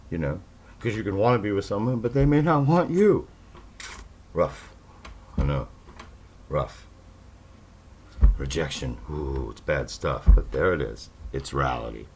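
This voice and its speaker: Speaking in a lowish, slightly mellow voice, this podcast host gives his listeners a loose, casual monologue. His tone is sarcastic and wandering, peppered with mocking remarks.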